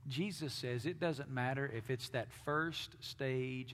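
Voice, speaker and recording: Male pastor, mid-pitched, dynamic sermon delivery with long sanctuary reverb. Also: slow, hardly any pauses. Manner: dynamic preaching, drops to hushed tones then swells loud. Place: church sanctuary.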